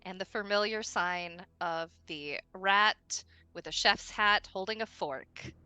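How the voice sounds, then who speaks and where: A woman narrating a tabletop game as dungeon master, relaxed and full of fillers. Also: mid-range voice, slow, clear, resonant tone.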